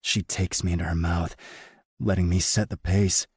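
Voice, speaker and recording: Deep, husky-voiced male audiobook narrator. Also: fairly even intonation, moderate pace, a little mellow, no echo, clean studio sound. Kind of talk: first-person romance audiobook narration.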